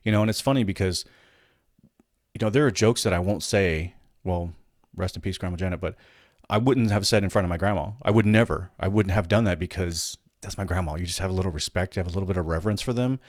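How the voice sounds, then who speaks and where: A man's voice: low-pitched, fast talker, a little mellow, no room sound, studio quality. A man hosting a weekly gaming news show, talking in a rambling, profane, casual way with frequent restarts. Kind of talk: casual solo commentary.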